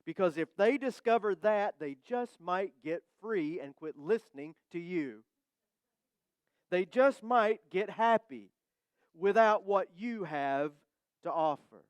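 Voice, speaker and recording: Clear-voiced man preaching a sermon. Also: a little high, no room sound. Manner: conversational, warm-humored preaching with slow emphatic phrases. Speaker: pastor. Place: church sanctuary.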